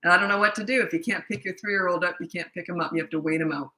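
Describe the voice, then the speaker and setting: A woman's voice: fairly low pitch, steady tone, very fast, pushed and bright, low-quality recording. A middle-aged woman, a parenting coach, answering viewer questions in a blunt, chatty way and telling stories with laughter. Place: Australia.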